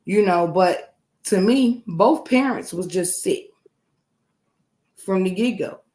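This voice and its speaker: A woman's voice: medium pitch, slow pace, warm tone, reverberant. A woman, chatting casually and working through her thoughts in a rambling way. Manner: reflective, rambling reasoning. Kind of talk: casual chat.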